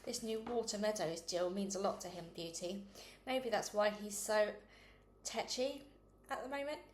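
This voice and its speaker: A woman reading aloud a storybook and voicing a gentle, anxious mother who coaxes and soothes her daughter with forced cheer. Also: medium pitch, moderate pace, a little hiss or hum, close to an everyday voice. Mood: soothing. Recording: roomy echo.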